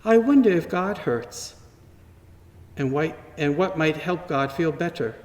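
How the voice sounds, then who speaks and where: A man slowly and gently reading a children's story aloud at church, in a wondering tone with pauses. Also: fairly high pitch, lively intonation. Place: church sanctuary. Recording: long reverb from a large hall.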